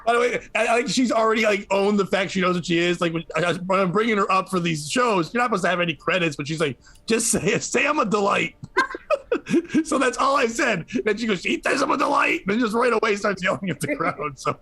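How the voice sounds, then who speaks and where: A man's voice: high-pitched, expressive, quick pace, a bit bright. A man hosting a casual podcast chat, joking and laughing often. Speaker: podcast host.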